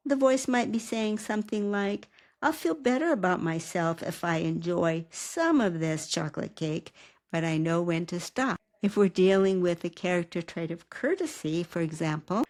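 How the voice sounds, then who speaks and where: A woman who teaches writing, giving a calm, measured recorded lecture and asking rhetorical questions. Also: medium pitch. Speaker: writing instructor.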